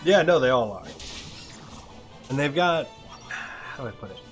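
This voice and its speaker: A man playing a video game and explaining it dryly, often trailing off into a quiet mumble. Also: mid-range voice, big pitch swings, unhurried, soft background music. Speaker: player and co-host of a gameplay video. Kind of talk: casual gameplay commentary.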